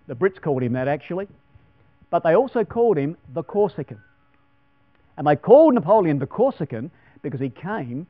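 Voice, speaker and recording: A chatty man giving a Bible class sermon, talking in an easy, folksy way and putting questions to his listeners. His voice sits a little high for a man. The sound is dull and lo-fi, recorded dry with a steady mains hum underneath. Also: no echo. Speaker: preacher.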